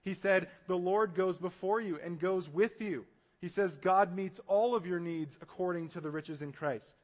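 A man with a high voice delivers a lively sermon from the pulpit. He talks casually and with energy, acting out panicked voices as he tells the story. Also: normal speed. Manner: animated, acts out panicked voices. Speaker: pastor.

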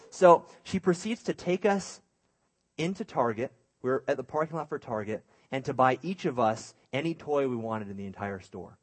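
A man preaching through a lively personal story, self-mocking and animated, with hushed asides. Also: mid-range voice, moderate pace. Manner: drops to a hushed voice for inner thoughts.

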